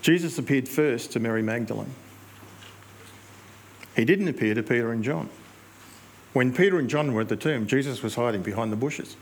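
A male pastor, preaching in a conversational storytelling way with reflective pauses. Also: medium pitch, slight background noise. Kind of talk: sermon.

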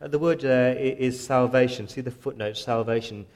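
A man's voice: medium pitch, steady tone, moderate pace, darkish tone. A man preaching a sermon as pastor, earnest and direct, often voicing the apostle's prayers in the first person.

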